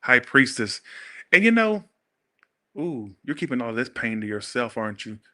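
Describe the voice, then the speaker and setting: A man with a drawl runs a casual tarot reading, his voice bright and forward. He talks to his viewers directly, blunt and sassy, and keeps the energy animated. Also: mid-range voice, moderate pace. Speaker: tarot reader.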